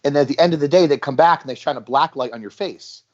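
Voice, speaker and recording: A man telling stories in a casual podcast chat, animated and acting out what people said. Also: a little high, quick pace. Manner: storytelling, animated, acts out quotes. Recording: dull lo-fi podcast audio.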